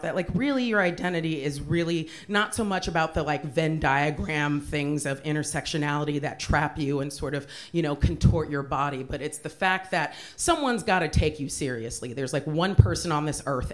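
A woman with a slightly low voice telling a personal story on a comedy podcast. She talks candidly and with lots of life, swearing freely. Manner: candid, profane, animated. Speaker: comedian guest.

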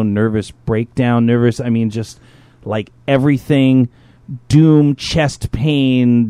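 Male podcast host, casual storyteller, swears a lot, mid-pitched, dry close sound. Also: smooth, no room sound. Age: adult, a parent. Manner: profane, animated, jumps into impressions of others.

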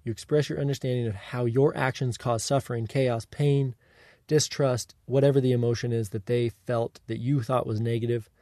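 A man explains things in a mellow, relaxed voice, at a middle pitch. His delivery is deliberate and coaching, and he keeps pausing to ask "okay?" and "right?". The sound is close and dry, with almost no room around it. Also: no room sound. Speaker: self-help teacher. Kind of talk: instructive monologue.

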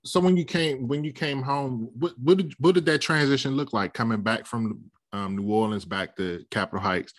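A man's voice: medium pitch, moderate pace, no room sound. A man interviewing a guest, asking open questions and sometimes restarting his sentences as he goes.

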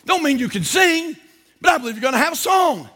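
A pastor preaching a fervent sermon to his church, moving from shouted calls down to low, quiet asides. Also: lively intonation, a little fast. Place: church sanctuary.

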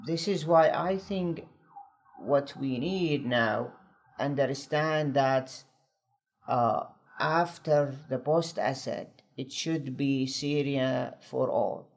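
A male political commentator in a news discussion, earnest and halting as he searches for words. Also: medium pitch.

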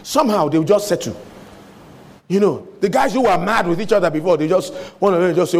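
Male preacher, mid-high voice, animated delivery, hammering points by repetition. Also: a little fast. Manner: emphatic, repeats key lines. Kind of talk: sermon.

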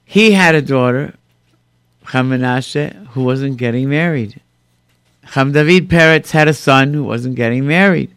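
Animated storytelling man, dry sound. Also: medium pitch, measured pace, smooth, no room sound. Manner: animated storyteller acting out quoted speech; sprinkles Hebrew and Yiddish terms. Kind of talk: casual storytelling in conversation.

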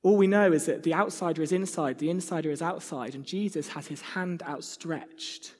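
Man, sermon, earnest and chatty, slightly high voice, husky, long hall echo. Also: normal speed, hardly any pauses, darkish tone. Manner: earnest, acts out whiny child voices. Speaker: preacher. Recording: reverberant hall.

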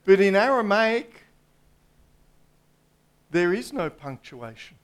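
A male preacher with a high voice delivers a sermon at an unhurried pace. He talks deliberately to his congregation and slips in dry asides. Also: big pitch swings. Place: church congregation.

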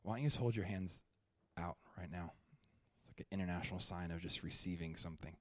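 A young man preaching a sermon at a church, shifting from animated, joking storytelling to quiet, prayerful ministry. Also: deep voice, quick pace, no room sound. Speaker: guest preacher.

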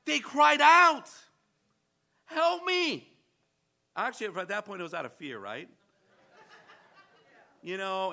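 A man's voice: a little high, sharp tone. A man preaching a sermon, emphatic, full of rhetorical questions and stammering restarts.

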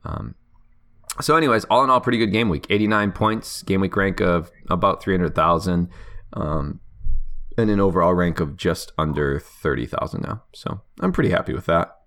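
A man's voice: low voice, moderate pace, a bit bright. A man co-hosting a casual podcast, rambling and teasing his co-host, with many fillers and restarts. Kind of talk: casual podcast chat about fantasy football.

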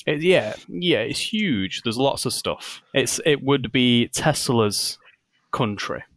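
A man's voice: medium pitch, animated, slow pace, fairly bright tone. A man hosting a podcast, joking and setting up scenes in casual chat.

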